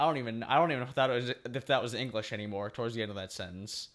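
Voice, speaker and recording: A man co-hosting a casual podcast chat, rambling and excitable, often restarting his sentences. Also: medium pitch, rapid-fire, hardly any pauses. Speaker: podcast co-host.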